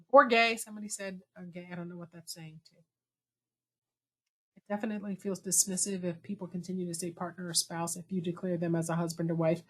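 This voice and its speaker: A woman hosting a webinar over a video call, talking in a chatty, lively way with self-deprecating asides. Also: fairly low pitch. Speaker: webinar host. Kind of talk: conversational webinar talk.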